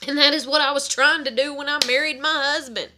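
A woman's voice: sits high, fairly even intonation, fast, noisy background. A young woman venting about her family in a rambling, bitter personal rant full of swearing. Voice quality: swears heavily, rambling and repetitive. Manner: frustrated, bitter. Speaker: vlogger.

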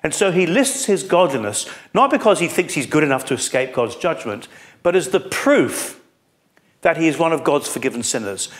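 A man preaching a sermon, explaining a scripture text in an earnest manner and putting questions to his listeners. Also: a little high.

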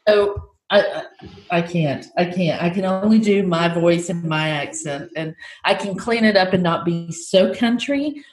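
A woman's voice: on the low side, a little slow, slight background noise. A woman podcast co-host, chatting and telling stories in a talkative, laughing way. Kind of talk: casual podcast chat. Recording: roomy echo.

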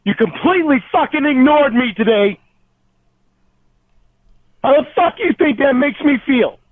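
Shrill, crying man ranting down a phone line. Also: animated, a little slow, no echo. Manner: jealous, swearing nonstop, accusing. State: crying, voice cracking. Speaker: angry caller. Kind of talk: phone rant.

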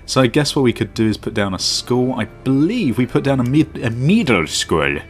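This man speaks fairly quickly in a mid-range voice while commentating a let's-play, musing out loud and poking fun at himself as he plays. Faint background music runs underneath.

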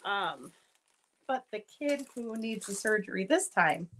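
A woman in her thirties hosting a live jewelry sale, rambling through family stories with many fillers and acting out her kids' lines in a higher voice. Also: big pitch swings, measured pace, a bit bright, slight background noise, rough recording. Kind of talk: casual chatty live selling.

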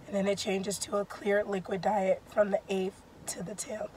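A woman vlogging casually from her car while hoarse and losing her voice, her strained speech breaking into whispers. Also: medium pitch, flat delivery, moderate pace, very noisy. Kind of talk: casual vlog.

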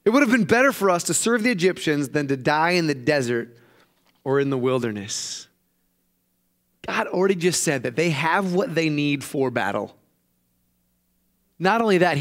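A male pastor giving a lively sermon, retelling a story and acting out the voices of its people. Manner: animated storytelling, acting out quoted voices with raised pitch. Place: church.

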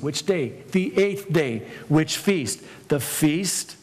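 Slow-preaching man in a reverberant hall. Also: fairly high pitch, lively intonation. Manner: slow deliberate preaching, rising to impassioned shouting. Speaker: pastor. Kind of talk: sermon.

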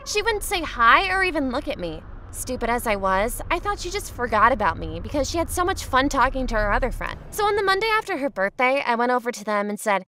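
A woman narrating an animated story in an expressive storytelling manner. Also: a little high, a little fast, few pauses, no room sound, clean studio sound. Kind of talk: scripted narration. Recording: faint music underneath.

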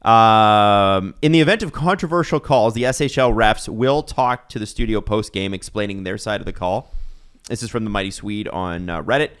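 A man's voice: on the low side, normal speed, clean tone. A man, hosting a casual hockey podcast and talking in long, rambling runs. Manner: animated, rambling with restarts. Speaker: podcast host.

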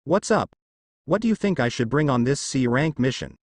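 A man's voice: mid-range voice, lively intonation, normal speed, no room sound, clean studio sound, natural voice. A man reading the lines of a cocky, eager teenage boy ninja in a fan story.

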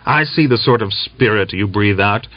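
A man playing a furious young Cossack executioner who threatens with contempt and shouts thickly. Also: lowish voice, moderate pace, no echo, natural voice. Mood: furious threatening. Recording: dull lo-fi dry recording.

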